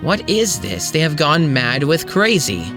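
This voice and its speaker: A man's voice: medium pitch, animated, measured pace, music in the background. A man voicing a jokey, loyal male alien comrade in a plain, earnest delivery.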